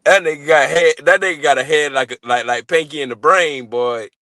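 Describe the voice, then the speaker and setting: A man's voice: on the high side, fairly quick, bright, forceful tone, no room sound. A man in casual, profane boxing banter, often breaking into laughter. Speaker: co-host.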